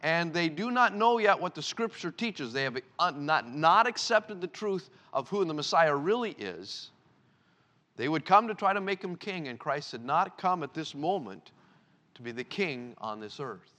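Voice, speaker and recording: A male pastor preaching a sermon to his church, swinging between loud emphatic lines and hushed, low ones. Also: big pitch swings, normal speed.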